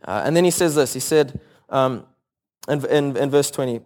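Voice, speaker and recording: A man's voice: medium pitch, normal speed, a little mellow. A man preaching a sermon in a casual, conversational way, retelling a story with humor and frequent restarts. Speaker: pastor.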